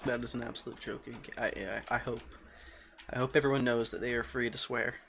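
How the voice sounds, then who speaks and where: Young man, casual game streamer, mid-pitched, loose and joking, with soft keyboard noise behind. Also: fairly even intonation, fairly quick, gravelly. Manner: rambling, jokey, often quiet. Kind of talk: casual gaming stream commentary.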